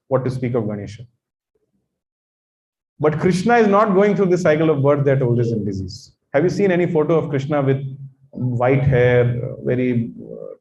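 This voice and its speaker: This echoey, dull recording captures a religious lecture by a man with an Indian English accent who teaches a religious course. He preaches emphatically in a medium-pitched, darkish voice, repeating phrases and chanting in Sanskrit.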